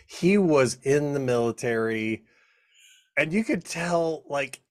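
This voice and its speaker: Man, enthusiastic podcast co-host; lively pitch, dry sound. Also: takes it slowly, no echo. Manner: enthusiastic, says "dude" often. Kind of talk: casual chat.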